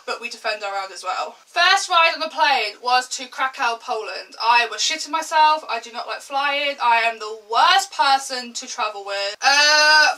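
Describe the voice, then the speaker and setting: A woman in her twenties chatting through a get-ready-with-me vlog, lively and exaggerating for laughs, swearing freely. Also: high-pitched, far from the mic, low-quality recording. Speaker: beauty vlogger.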